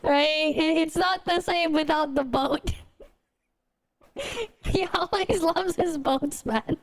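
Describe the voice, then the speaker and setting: A woman's voice: extremely high pitch, slow pace. A woman streaming and reacting to videos in a giggly, loose, unfiltered way. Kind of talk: casual reaction stream chat.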